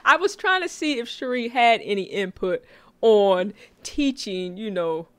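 A woman's voice: mid-range voice, lively intonation, measured pace, fairly bright tone, clean tone, dry recording. A woman co-hosting a casual chat, talking easily, laughing often and reading out comments from the chat. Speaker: co-host of a sitcom recap stream. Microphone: own mic.

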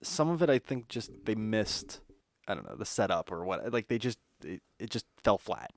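A man's voice: fairly low pitch, very animated, normal speed, no room sound, studio quality. A man co-hosting a podcast, telling a rambling story in casual chat, swearing often and filling with "like". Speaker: podcast co-host.

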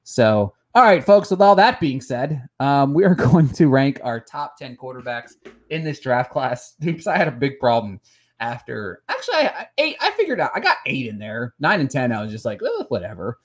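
Man, podcast host, heated rant, stumbles and restarts, mid-pitched voice. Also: very animated, normal speed. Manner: heated, repeats words and restarts sentences. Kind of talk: casual sports podcast rant.

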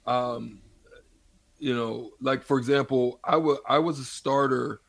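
A man co-hosting a sports radio show, a former player telling stories in an animated, laughing way. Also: mid-range voice, measured pace, vocal fry, dry recording. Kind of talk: casual sports radio chat.

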